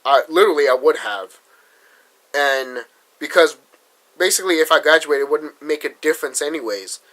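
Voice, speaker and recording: A young man from Massachusetts rants into the camera with a tense, forceful voice pitched a little high. He talks bluntly and swears, stopping and restarting his sentences as he vents. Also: poor audio. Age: young adult. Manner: blunt, profane, halting with restarts. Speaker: vlogger. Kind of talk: frustrated vlog rant.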